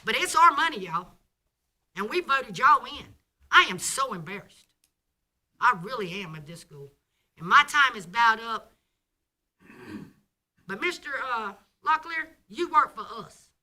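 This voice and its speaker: A woman delivers an indignant public comment at a school board meeting. Her voice is very bright and sharp, pitched slightly high, and her tone is scolding. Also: big pitch swings, a little slow, pauses often.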